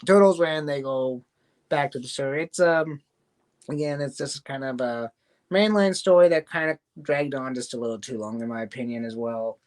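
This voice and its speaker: A man's voice: medium pitch, moderate pace. A man hosting a casual show, recapping a cartoon episode in a loose, rambling way. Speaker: show host reviewing a cartoon series. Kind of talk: casual review chat.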